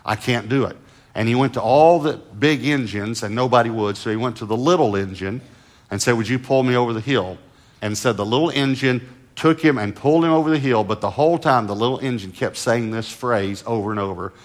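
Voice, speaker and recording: A middle-aged man preaching a sermon and telling a personal story, moving between loud emphatic lines and soft hushed asides. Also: medium pitch, fairly quick. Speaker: pastor.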